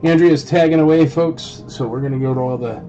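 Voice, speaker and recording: A man's voice: fairly high pitch, fairly quick. A man hosting a casual livestream toy auction, chatting and joking with bidders and greeting them by name. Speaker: live auction host. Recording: dull lo-fi stream with loud music.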